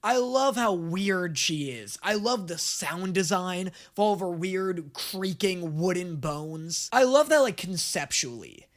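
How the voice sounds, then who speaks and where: Excitable young man gushing over anime. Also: sits high. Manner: excitable, gushing, casual swearing. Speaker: anime reaction host. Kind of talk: casual reaction commentary.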